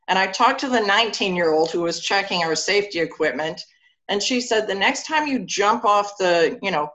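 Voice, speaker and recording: A woman's voice: lowish voice, fairly bright tone. A woman priest giving a sermon in church, telling personal stories in a conversational way.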